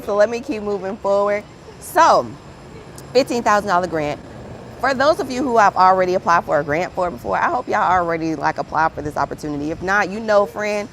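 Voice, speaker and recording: A woman's voice: on the low side, a bit bright, slight background noise. Upbeat woman hosting a casual livestream. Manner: upbeat, encouraging, chatty, calls viewers "friend". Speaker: livestream host and grant writer.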